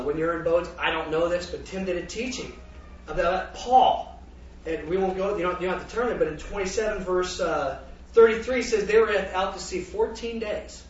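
A man preaching a sermon, animated and laughing, throwing rhetorical questions at his congregation. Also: high-pitched, a little hiss or hum. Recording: roomy, dull, distant from the mic.

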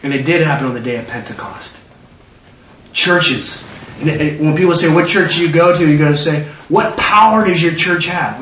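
Lively male preacher, high pitch, plays the scripture figures in voices; dull lo-fi distant room recording. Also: normal speed, slight background noise. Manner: animated, acts out biblical figures in excited voices. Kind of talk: sermon. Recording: roomy, distant, dull lo-fi sound.

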